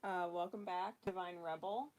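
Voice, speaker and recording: A woman with a slightly low voice runs a casual livestream card reading. She chats loosely with her viewers and laughs easily, then slips into soft, prayerful invocations. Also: steady tone, moderate pace, a little hiss or hum. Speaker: spiritual card reader.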